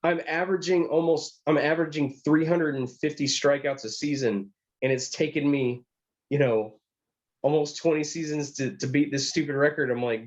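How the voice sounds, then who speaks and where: A man's voice: fairly high pitch, steady tone, moderate pace, dull audio. A man with a Texan accent, co-hosting a podcast, telling rambling joking stories in casual chat. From Texas. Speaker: podcast co-host.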